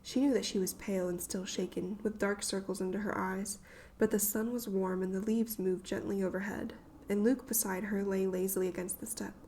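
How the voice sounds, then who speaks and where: A woman reading an audiobook aloud in a measured, hushed, suspenseful manner. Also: mid-range voice, steady tone, slight background noise. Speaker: audiobook narrator. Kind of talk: scripted audiobook narration.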